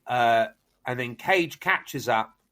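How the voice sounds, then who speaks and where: A man's voice: medium pitch, slow pace. A man co-hosting a film podcast, retelling a plot in casual chat with lots of fillers and restarts. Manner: animated, many fillers and restarts. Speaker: podcast host.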